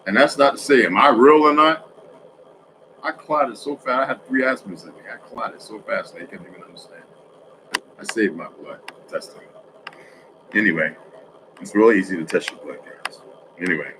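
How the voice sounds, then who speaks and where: A man's voice: on the low side, normal speed, pauses often, background noise. A man in a casual, rambling monologue for social media, telling streetwise stories with lots of cursing. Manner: profane, rambling, streetwise storytelling.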